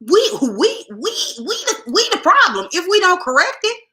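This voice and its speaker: A woman's voice: extremely high pitch, huge pitch swings, normal speed, bright, forceful tone. A woman co-hosting a podcast in casual talk, telling stories emphatically and speaking, often repeating herself and restarting her sentences. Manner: emphatic, repetitive, storytelling with restarts. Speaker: podcast co-host. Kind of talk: casual opinion talk reading listener comments.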